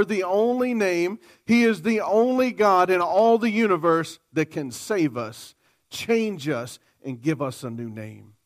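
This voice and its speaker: Slow, emphatic high-voiced male preacher. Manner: emphatic preaching, calls for audience response. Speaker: pastor. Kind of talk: sermon.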